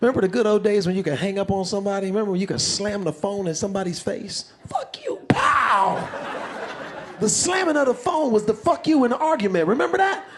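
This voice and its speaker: Male stand-up comic, very high-pitched and lively, audible room noise behind him. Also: fast talker, hardly any pauses. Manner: animated, shouting punchlines, acting out quoted voices. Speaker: stand-up comedian. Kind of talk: stand-up routine. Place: comedy stage, indoors.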